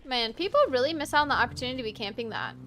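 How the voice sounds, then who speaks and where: A woman with a Virginian Southern accent, chatting casually and rambling while she streams a game, with frequent "like"s and quick laughs. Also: on the high side, expressive, a bit bright, soft background music. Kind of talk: casual live-stream chat while gaming.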